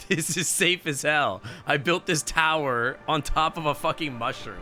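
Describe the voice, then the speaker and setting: A man's voice: a little high, a little slow, sharp tone. A man streaming a game, chatting casually, laughing easily and swearing offhand. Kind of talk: casual gaming chat.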